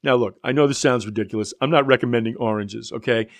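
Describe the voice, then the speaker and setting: A man in the middle pitch range lays out a marketing method like a sales trainer talking to a room. He keeps it conversational, throwing in blunt asides and quick stories as he goes. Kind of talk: instructional talk to an audience.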